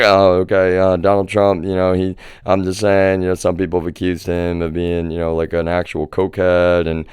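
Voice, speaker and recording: Deep-voiced man ranting on a livestream. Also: little pitch movement, fairly quick, hardly any pauses, clear, resonant tone, no room sound, studio quality. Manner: profane, repeatedly says "y'all". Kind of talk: ranting monologue to viewers. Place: home residence.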